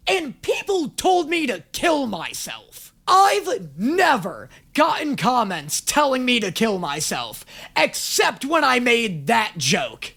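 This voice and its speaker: A young man hosting a comedic reaction video, ranting sarcastically and breaking into sudden shouts. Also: extremely high pitch, huge pitch swings, slow pace, gravelly. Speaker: YouTube reaction host.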